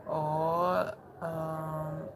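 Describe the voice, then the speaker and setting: Slow, soft-spoken woman streamer. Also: sits low, little pitch movement. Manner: soft-spoken, thanks chat warmly, says she is very emotional. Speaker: live streamer. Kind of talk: casual live-stream chat. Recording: noticeable background noise.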